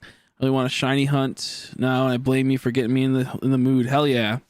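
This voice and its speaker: A man's voice: mid-range voice, flat delivery, a little fast, smooth, no echo, studio quality. A man in his twenties chatting casually on a game live stream, rambling and joking as he answers chat aloud. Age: 20s.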